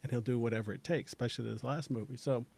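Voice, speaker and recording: A man's voice: medium pitch, steady tone, racing, gravelly, a little mellow, breathy edge. A man in casual chat, thoughtfully explaining a point about acting.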